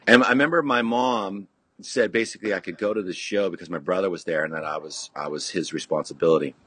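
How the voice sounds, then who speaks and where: Husky, rambling middle-aged man. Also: low-pitched, steady tone, fast, a bit bright, no room sound. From California. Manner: rambling, profane, full of restarts and "you know". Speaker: podcast guest, punk musician. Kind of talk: casual storytelling chat.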